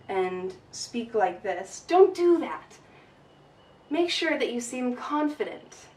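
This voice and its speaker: A woman teaching an English speaking lesson, with a clear, emphatic delivery. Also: fairly high pitch, reverberant, far from the mic, low-quality recording.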